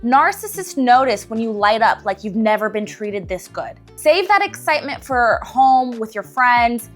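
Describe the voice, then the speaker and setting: A young woman talks straight to her viewers in a high, bright voice, telling stories and slipping into impressions of the people in them. Soft music plays faintly underneath. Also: normal speed. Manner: animated, acts out quoted voices. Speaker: relationship advice vlogger. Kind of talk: casual storytelling to camera.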